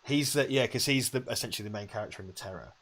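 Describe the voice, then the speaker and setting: A man's voice: fairly low pitch, very fast, fairly bright tone. A man co-hosting a casual watch-party chat, rambling and swearing as he retells scenes with emphasis. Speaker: co-host. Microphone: lavalier.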